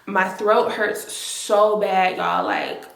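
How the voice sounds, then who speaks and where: In a medium-pitched voice that swoops wildly in pitch, a young adult woman narrates a personal storytime for her viewers extremely slowly. She's chatty, addresses them directly, and leans heavily on fillers like "like." The recording has an echoey room sound.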